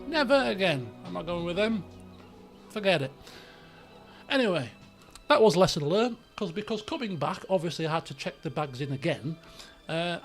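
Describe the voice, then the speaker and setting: Brief: high-pitched male game host, chatty anecdote, lots of false starts, soft music bed. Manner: animated storyteller, many restarts and asides. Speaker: let's play host. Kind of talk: rambling personal anecdote.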